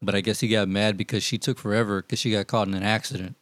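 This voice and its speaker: A man telling profane, animated stories in casual chat with friends, acting out what people said. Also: lowish voice, fast talker, no room sound. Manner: profane, animated storytelling, acts out quotes. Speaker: storyteller among friends.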